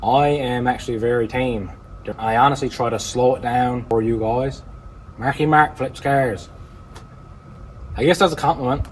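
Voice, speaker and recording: A plain-spoken man with a Newfoundland accent, chatting easily about his car projects in a vlog. His dry humour comes through in a voice of ordinary pitch, with faint ambient and vehicle noise behind him. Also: brisk, poor audio. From Newfoundland, Canada. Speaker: car-flipping YouTuber. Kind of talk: casual vlog talk.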